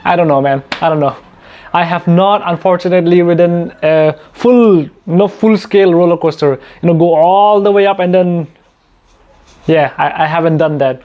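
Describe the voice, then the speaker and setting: A man's voice: on the high side, normal speed, lo-fi sound. A young man from India hosting a casual Q&A for his channel, chatty and self-mocking, laughing often. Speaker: YouTube channel host. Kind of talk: casual Q&A chat.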